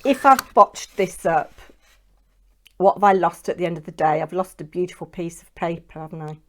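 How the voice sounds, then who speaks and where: A woman's voice: on the low side, moderate pace, a little hiss or hum. A woman hosting a papercraft channel, talking through her work in a rambling, chatty way and adding lots of tag questions. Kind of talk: chatty crafting vlog.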